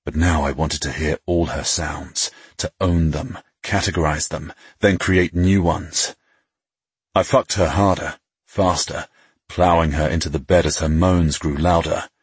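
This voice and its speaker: A man narrating a first-person audiobook, reading in an intimate, unhurried way. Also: rumbling low, fairly even intonation, husky, no room sound.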